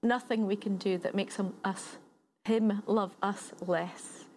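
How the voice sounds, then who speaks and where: A woman's voice: medium pitch, steady tone, slow pace, darkish tone, a little hiss or hum. A woman giving a sermon, retelling a story in a conversational way and building points through repetition. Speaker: preacher.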